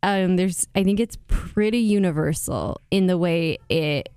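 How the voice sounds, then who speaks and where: A woman chatting casually about movies and shows as a podcast co-host, animated and chatty. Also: on the low side, a little slow, clean tone, no echo, clean studio sound. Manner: animated, chatty, exaggerated impressions. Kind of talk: casual pop-culture chat.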